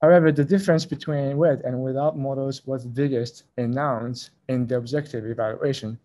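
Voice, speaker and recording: A man's voice: mid-range voice, steady tone, normal speed, dark tone, poor audio. A man giving an academic conference talk, speaking carefully and spelling out acronyms letter by letter. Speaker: conference presenter.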